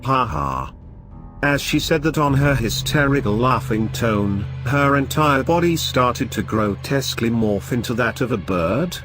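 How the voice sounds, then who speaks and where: A man telling a folklore horror story in an expressive, theatrical way. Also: medium pitch, moderate pace, few pauses, over music. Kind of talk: dramatic horror narration.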